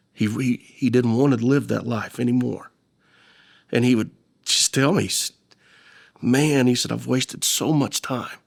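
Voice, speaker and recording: Middle-aged Oklahoma man, gravelly, documentary interview, earnest, stumbles and repeats. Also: medium pitch, a little mellow. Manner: earnest, repeats words, speaks with emotion. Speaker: stepfather of the deceased.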